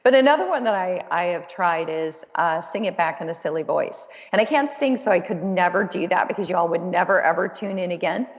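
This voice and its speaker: Her voice is low-leaning and expressive, and she talks briskly with hardly any pauses. As host and counselor, she gives a casual, encouraging webinar talk in a chatty, self-deprecating way, recorded with dull lo-fi sound and long reverb.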